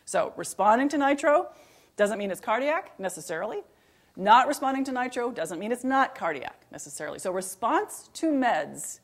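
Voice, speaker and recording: A middle-aged woman, a professor of emergency medicine, giving a conversational, emphatic lecture to fellow clinicians and posing rhetorical questions to the room. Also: fairly high pitch. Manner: emphatic, repeats key points. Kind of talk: recorded continuing-education lecture.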